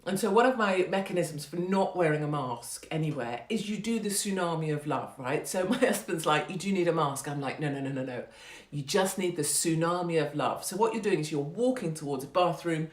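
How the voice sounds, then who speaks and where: Woman, forties, sarcastic sweary livestream host, lowish voice, roomy echo. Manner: mocking mimicry with high squeals. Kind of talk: casual ranting livestream chat. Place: home room, livestream. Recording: echoey room sound.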